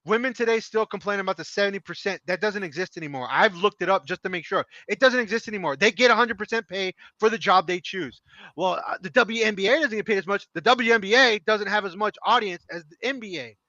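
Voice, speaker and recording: A man's voice: high voice, fast, bright, forceful tone, no room sound. A middle-aged man ranting on a podcast, impassioned, emphatic and profane. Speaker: podcast co-host. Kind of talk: heated opinion rant. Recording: dry, dull lo-fi sound.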